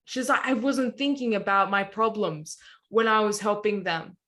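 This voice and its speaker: A woman's voice: mid-range voice, normal speed, fairly bright tone. Rambling Australian woman telling a story. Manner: rambling, many "anyway" and "like" fillers. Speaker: podcast co-host. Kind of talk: casual storytelling chat.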